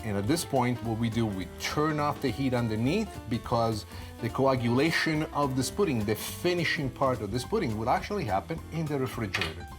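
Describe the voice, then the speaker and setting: Animated older Italian chef, music behind. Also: male voice, mid-range voice, a little fast. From Sicily, Italy. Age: 60s. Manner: animated, expressive storytelling with Italian exclamations. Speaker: TV chef host. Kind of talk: cooking show demonstration.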